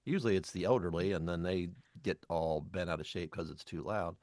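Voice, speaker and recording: A man co-hosting a DJ talk show, telling gig stories in a measured, matter-of-fact way. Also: deep voice, darkish tone, dry recording, studio quality. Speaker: DJ co-host. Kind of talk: casual storytelling.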